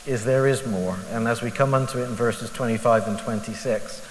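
A man's voice: mid-range voice, steady tone, a little fast. A man speaks as a lay preacher, thinking aloud about scripture and questioning himself with frank, self-deprecating honesty. His voice rings around a large hall with a long tail of reverb. A faint hiss sits underneath. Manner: candid, self-deprecating, asks rhetorical questions. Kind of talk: conversational Bible reflection.

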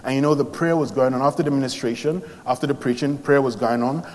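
A man's voice: medium pitch, fairly even intonation, quick pace. A young man preaching a sermon, retelling Bible stories in quoted voices with many ums and restarts. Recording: long hall reverb.

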